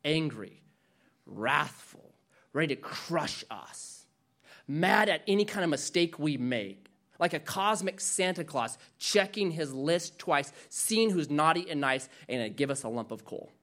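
A male pastor preaching a sermon, animated and acting out quoted voices. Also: on the high side, a little slow.

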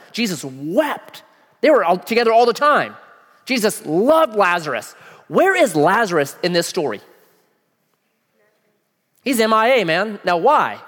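A man preaching a sermon in a casual, animated way, using slang and asking the listeners questions. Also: high voice. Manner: animated, acts out voices of people in the story. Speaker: pastor. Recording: long hall reverb.

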